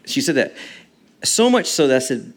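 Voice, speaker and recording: A man telling a personal story in casual talk, halting with many restarts and frequent laughter. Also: medium pitch, sing-song.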